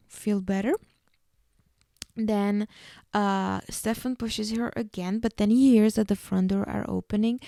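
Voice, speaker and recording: Gravelly-voiced woman recapping an episode. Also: medium pitch, mellow, dry recording, studio quality. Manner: chatty, peppered with fillers. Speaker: podcast host.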